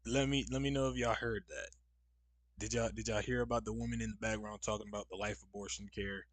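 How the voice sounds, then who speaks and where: A young man live-streams in a fairly low, steady voice, talking fairly quickly with no room sound. He rambles casually, addressing his chat directly and dropping slangy asides.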